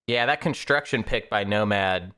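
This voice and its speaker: A male board game caster with a bright, forward tone and a fairly low voice. He talks in chatty, upbeat bursts. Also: normal speed, clean tone. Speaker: stream caster. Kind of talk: casual board game commentary.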